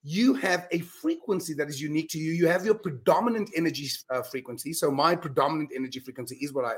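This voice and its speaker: A middle-aged man speaking as a guest on an interview podcast. He talks in an emphatic, earnest way, with quick restarts and repeated words. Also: fairly high pitch. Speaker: guest speaker on mind power. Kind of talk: animated storytelling in a podcast interview.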